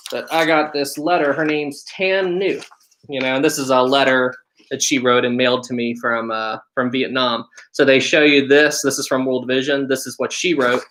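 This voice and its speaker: A man's voice: medium pitch, fairly even intonation, normal speed, a bit bright. A man in his twenties with a West Virginia accent, hosting a casual live stream and answering chat. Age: 20s. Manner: friendly, repeats "really, really". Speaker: channel host.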